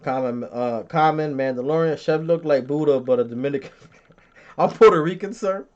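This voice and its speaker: A thirtysomething man hosts a podcast at normal speed, his voice a little high with a darkish tone. He casually jokes, swears, and laughs often while reading chat comments and telling stories, and the recording sounds dull and lo-fi.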